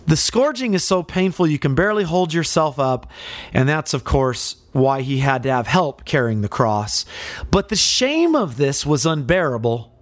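A man's voice: on the high side, no room sound. A male preacher giving a dramatic sermon, asking rhetorical questions and speaking directly to his listeners.

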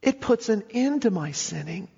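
A man preaching a sermon with emphatic delivery, swinging between soaring and hushed moments. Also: sits high, animated, normal speed, creaky, husky. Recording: dull lo-fi audio with long hall reverb.

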